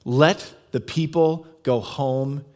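A man voicing a solemn, truthful prophet in a sermon retelling, speaking gravely and in a measured way. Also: mid-range voice, a little mellow, voice pushed down, close to an everyday voice.

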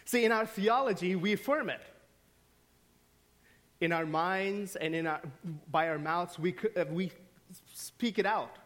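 A man preaching a sermon as pastor, telling stories and swinging from hushed, quiet lines to emphatic questions. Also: high voice, measured pace, long pauses. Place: church sanctuary.

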